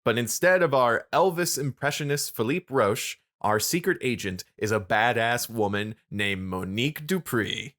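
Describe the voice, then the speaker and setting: A man co-hosting a podcast, chatting casually and recapping episodes in a relaxed storytelling way. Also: medium pitch, moderate pace, few pauses. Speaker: podcast co-host.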